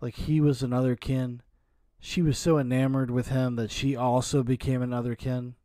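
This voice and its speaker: A man's voice: mid-range voice, little pitch movement, normal speed, mellow, no room sound, clean studio sound. A man hosting a reaction video, giving blunt, mocking commentary and swearing freely. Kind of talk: crude sarcastic commentary.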